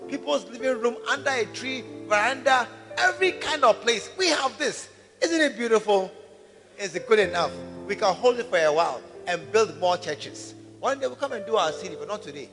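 A man preaching a sermon to his congregation, calling for responses and rising to shouts. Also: extremely high pitch. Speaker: pastor. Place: large church hall. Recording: reverberant hall with faint music.

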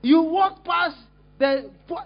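A man preaching a lively sermon as a pastor, teasing and exclaiming at his congregation while acting out a scene. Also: very high voice, takes it slowly, vocal fry. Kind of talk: lively sermon with acted-out demonstration. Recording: dull lo-fi recording.

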